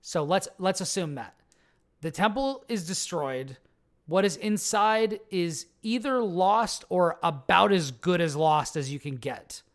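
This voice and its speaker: Podcast co-host, higher-pitched man, casual wry musing. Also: a bit bright. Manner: thinks aloud with restarts and wry asides. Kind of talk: casual discussion.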